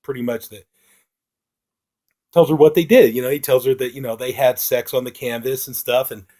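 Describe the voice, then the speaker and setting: A man's voice: mid-range voice, steady tone, normal speed, warm tone. A man reviewing a film in a casual, rambling retelling, full of fillers.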